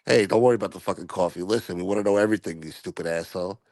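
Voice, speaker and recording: A man voicing a gruff, menacing male FBI agent who talks fast and swears. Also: deep voice, a little mellow, no room sound, voice pushed down. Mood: threatening.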